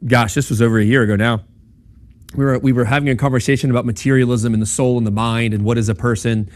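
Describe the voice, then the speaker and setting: A man's voice: medium pitch, fairly even intonation, quick pace. A man giving an informal lecture at a campus talk, checking in with the room and acting out quoted speakers. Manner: conversational, checks in with "right?" and "okay?"; acts out quoted voices in dialogue.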